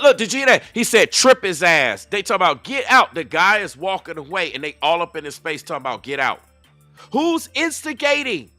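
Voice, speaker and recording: A man with a high, lively voice delivers heated commentary, slangy and confrontational. He keeps circling back to the same points with rhetorical questions, sounding bright and dry against faint music. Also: no echo. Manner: loose slangy talk aimed at the audience. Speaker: commentator reacting to video clips.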